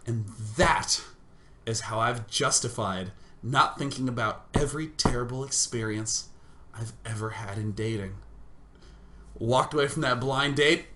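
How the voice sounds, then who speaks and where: A young adult man hosting a show, telling a comedic story in an animated, self-mocking way with loud bursts. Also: mid-range voice, a little slow. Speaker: show host.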